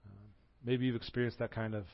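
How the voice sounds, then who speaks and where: Animated Southern preacher, slightly dull sound. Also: male voice, mid-range voice, quick pace. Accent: Southern American. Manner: animated storytelling, acts out quoted voices. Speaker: pastor. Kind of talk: sermon.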